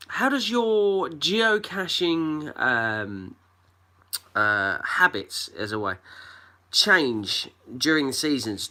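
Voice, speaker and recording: A man's voice: medium pitch, sharp tone. A man hosting a casual live stream from home on his phone, chatting and greeting viewers by name. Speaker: geocaching livestream host.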